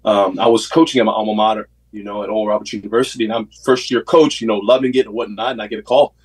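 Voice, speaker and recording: A man's voice: lowish voice, steady tone, very fast, breathy edge, poor audio. A man in his thirties, a basketball coach, telling his story in a casual interview, earnest and full of faith, with many fillers. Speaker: NBA player development coach, guest.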